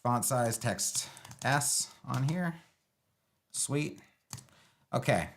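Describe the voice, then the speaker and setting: A man thinking out loud through a live web-building demo, loose and sarcastic, with lots of fillers. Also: medium pitch, expressive, drawn-out words, a little hiss or hum. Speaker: web design educator building a page live. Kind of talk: casual live screen-share tutorial.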